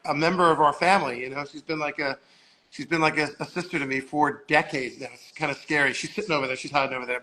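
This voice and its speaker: A man's voice: a little high, sharp tone, rough recording. A man of about sixty telling long, rambling anecdotes and acting out the voices of people he quotes, speaking in an agency office. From Long Island, New York. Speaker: guest storyteller.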